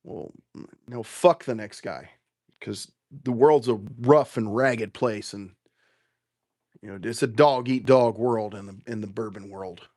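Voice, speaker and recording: A man's voice: on the low side, unhurried. A man hosting a casual livestream, rambling and swearing as he tastes whiskey and answers viewers. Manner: profane, rambling, animated. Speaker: bourbon livestream host. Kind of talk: casual livestream chat, tasting and reading comments.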